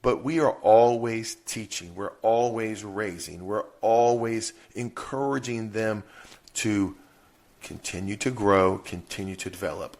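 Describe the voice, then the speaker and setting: A man's voice: lowish voice, measured pace, darkish tone. A man in his thirties hosting a podcast, talking earnestly and conversationally about his family. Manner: earnest, conversational, lists things at length. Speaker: podcast host and father. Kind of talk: casual solo podcast monologue.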